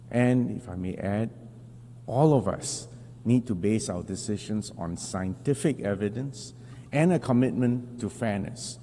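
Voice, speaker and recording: A man from Singapore giving a formal diplomatic speech at a podium, measured and emphatic with deliberate pauses. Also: mid-range voice, mellow. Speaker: foreign minister addressing the assembly. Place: large assembly hall. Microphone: podium microphone. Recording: reverberant hall broadcast with faint hum.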